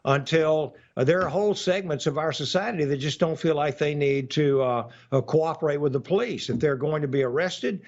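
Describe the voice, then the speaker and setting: A man's voice: fairly high pitch, normal speed, hardly any pauses, highs cut off. A man speaking as a congressman guest in a live TV interview, emphatic and hesitant with many fillers.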